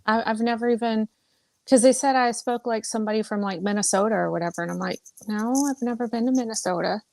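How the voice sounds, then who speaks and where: A woman from the American West Coast chatting casually in a book discussion, easygoing and quick to laugh. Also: a little high, steady tone, creaky, darkish tone, dry recording, poor audio.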